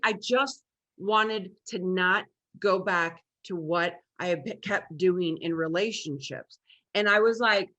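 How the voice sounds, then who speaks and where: Co-host, woman, bright clear tone, candid and reflective storyteller. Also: mid-range voice.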